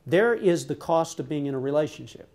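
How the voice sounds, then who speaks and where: A man's voice: a little high, brisk. A man giving a seminar talk as a visiting professor, talking casually and freely, swearing and acting out heated exchanges. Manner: animated, acts out quarrels with sudden loud outbursts. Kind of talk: academic seminar discussion.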